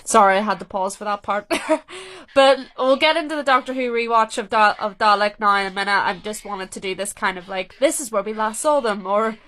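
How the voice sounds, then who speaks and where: A young woman vlogger reacting to a rewatch in casual, chatty commentary. She is excitable and opinionated, and her sentences restart and interrupt themselves. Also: mid-range voice. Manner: excitable, talks fast with restarts and self-interruptions; opinionated, emotional fan.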